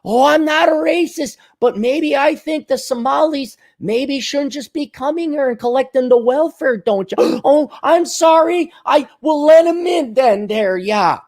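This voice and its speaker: Guy doing a fussy old minnesota guy, high pitched and whiny, sing-song, tut-tutting. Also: unhurried, hardly any pauses, darkish tone. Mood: prissy. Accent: exaggerated Minnesota. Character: prim, fretful older Minnesotan man.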